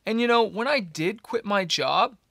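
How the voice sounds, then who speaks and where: Casting: young male vlogger, slightly high voice, dry close sound, excitable and chatty. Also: moderate pace, vocal fry, no echo. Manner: energetic, fillers like "man" and "you know", excitable. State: coughing a little. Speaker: musician vlogger. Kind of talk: casual storytelling to camera.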